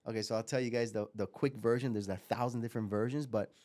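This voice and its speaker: A man in his forties from Miami, a guest entrepreneur telling lively stories and often repeating words. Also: mid-range voice, fast. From Miami, USA. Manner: animated storyteller, repeats words as he goes. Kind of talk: casual interview talk.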